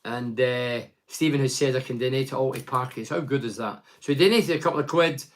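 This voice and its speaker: A man's voice: mid-range voice, a little fast. A middle-aged Scottish man hosting a casual phone-in chat, reading out listener messages and answering bluntly. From Scotland. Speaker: radio phone-in host.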